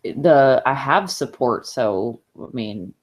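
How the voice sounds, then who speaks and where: Female host, very low voice, tentative questions with lots of "like". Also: expressive, slow. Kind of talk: casual interview chat.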